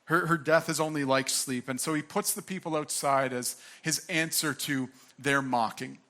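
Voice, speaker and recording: A man's voice: fairly high pitch, normal speed, sharp tone. A young man giving a sermon as pastor, earnest and conversational, full of fillers and restarts.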